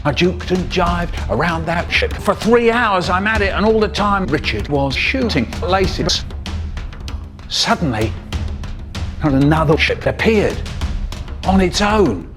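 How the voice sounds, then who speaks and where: A man narrating a spliced comedic story as an animated storyteller, his voice jumping high and low. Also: a little slow. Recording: music bed underneath.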